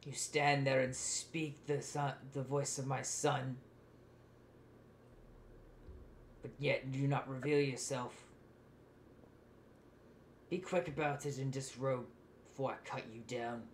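A gruff, commanding old nobleman and father, put on by a man running the game. He barks short orders with a stern edge. Faint noise sits behind him. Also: medium pitch, level tone, a little slow, roomy sound, pitched above the performer's own voice, lightly acted. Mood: menacing. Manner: commanding, curt.

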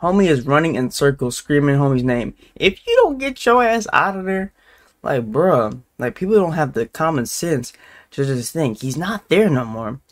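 A man's voice: fairly high pitch, very animated, moderate pace. A man giving laid-back, slangy commentary as he reacts to a video. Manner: laid-back slangy banter, laughs a lot.

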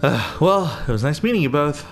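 Guy doing a perky lady pastor voice, high and welcoming, bit preachy. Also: very animated, moderate pace, faint music behind. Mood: friendly. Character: cheerful kindly woman pastor. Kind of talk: reading game dialogue aloud.

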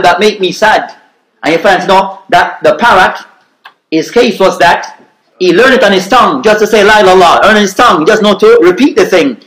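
A man's voice: high-pitched, a bit bright. A man giving an informal weekly religious lesson, telling a story with phrases and frequent "you understand". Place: mosque hall. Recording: echoey mosque room.

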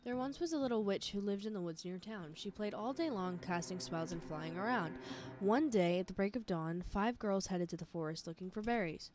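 A woman's voice: medium pitch, fairly quick. Young woman reading game text over music. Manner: playful, shifts between animated storybook reading and muttering to herself. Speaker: gaming let's player. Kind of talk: reading game text aloud and thinking through a puzzle. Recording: game music playing underneath.

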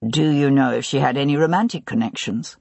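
An audiobook narrator voicing an aristocrat and former officer who speaks in a firm, measured way. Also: medium pitch, vocal fry, a little mellow, breathy edge, dry recording, pitched below the performer's own voice. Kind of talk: audiobook character reading.

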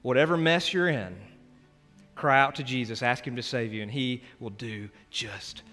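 A male pastor giving an altar call in a church, earnest and pleading, shifting between loud urging and hushed prayer. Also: medium pitch, moderate pace. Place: church sanctuary. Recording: long church hall reverb with soft music.

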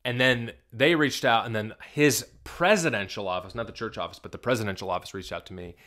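A man's voice: on the low side, fairly quick, sharp tone. A male pastor giving video reaction commentary, emphatic and indignant, firing rhetorical questions at his viewers. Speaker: Southern Baptist pastor.

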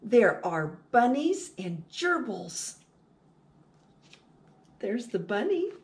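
A woman hosting a children's storytime, reading a picture book aloud in an animated sing-song way and talking directly to young listeners. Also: a little high, drawn-out words.

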